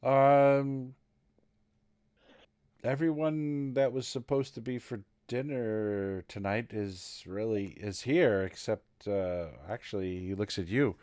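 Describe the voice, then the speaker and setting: A man narrating as dungeon master in an online tabletop game, halting with fillers and restarts. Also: medium pitch, a little mellow.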